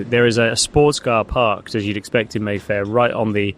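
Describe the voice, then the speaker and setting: A man's voice: on the low side, steady tone, normal speed, faint music behind. A man hosting a book podcast, quizzing his guest with a light, laughing manner, recorded outdoors by a street. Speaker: podcast host and interviewer. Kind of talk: casual interview chat.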